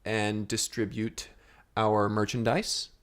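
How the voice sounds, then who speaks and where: A man co-hosting an improvised comedy podcast, talking in a flustered, apologetic, rambling way that jumps up suddenly in pitch. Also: flat delivery, slow. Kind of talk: improvised comedy chat in character.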